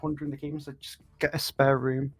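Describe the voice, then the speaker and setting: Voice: medium pitch, level tone, brisk, slightly rough. A player in a tabletop game talking casually, laughing often and stumbling over restarts.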